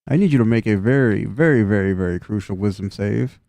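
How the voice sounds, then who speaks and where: A man's voice: lowish voice, a little fast, gravelly, warm tone, no echo. A man narrating a tabletop game as game master, playful and laughing as he talks.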